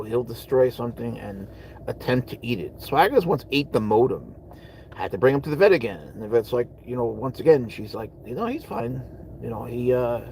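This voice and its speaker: A man of middling pitch hosts a loose, rambling livestream from his parked car. He chats with viewers and answers their comments, often trailing off into low mutters. Faint vehicle noise hums underneath. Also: gravelly, darkish tone, rough recording. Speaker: livestream host. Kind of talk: casual live chat with viewers.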